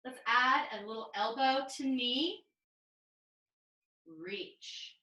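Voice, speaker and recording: A woman leads a mat pilates class over a video call, her voice bright and fairly high. She cues each move and breath in a calm, step-by-step way, and the sound comes through a roomy, echoey space. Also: extremely slow. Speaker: pilates instructor. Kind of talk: cueing a live online mat class.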